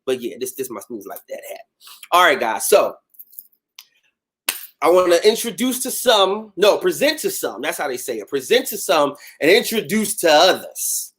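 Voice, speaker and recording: This host has a slightly high, husky voice and keeps a moderate pace. Running a casual livestream chat, he reads viewer comments and answers them animatedly, full of slang.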